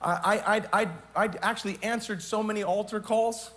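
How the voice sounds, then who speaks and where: Middle-aged male pastor with a high voice; emphatic, passionate preacher who stumbles over repeated words and shouts at the peaks. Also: fairly even intonation, normal speed. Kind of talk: sermon.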